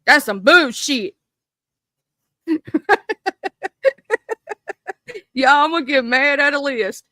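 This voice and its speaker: A woman with a bright, sharp voice chats casually on a live stream, reading a list and then firing off indignant asides. Her delivery sits a bit high, and the sound is close and dry, with no room around it. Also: normal speed, no room sound. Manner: reads a list aloud, then breaks into indignant swearing asides to her viewers.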